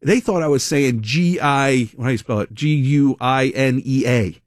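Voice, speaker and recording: A man hosting a talk radio show, speaking in an animated monologue full of sarcastic asides and self-corrections. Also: medium pitch, a little slow, dry recording, clean studio sound. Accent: American. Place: radio studio. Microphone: studio microphone.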